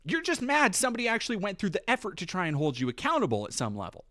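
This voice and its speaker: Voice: medium pitch, huge pitch swings, bright, forceful tone. A streamer ranting heatedly and profanely on their stream. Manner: profane, heated, fast rant. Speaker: commentary streamer.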